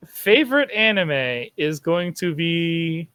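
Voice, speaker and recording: A man's voice: on the high side, sing-song, takes it slowly, bright, forceful tone, clear, resonant tone, no echo. Rambling, profane young man. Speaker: podcast host. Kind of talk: casual chat.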